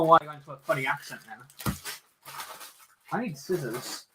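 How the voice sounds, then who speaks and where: A man's voice: fairly high pitch, expressive, moderate pace, pushed and bright. A man hosting a casual livestream, chatting and joking with viewers as he builds. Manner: jokey, chatty, talks to viewers. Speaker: livestream host.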